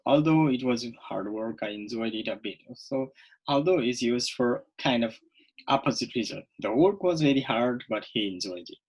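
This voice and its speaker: A man teaching a recorded online English lesson, speaking slowly and repeating words, often checking in with "okay?". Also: medium pitch, slightly rough, low-quality recording. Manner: slow, repetitive, checks in with "okay?".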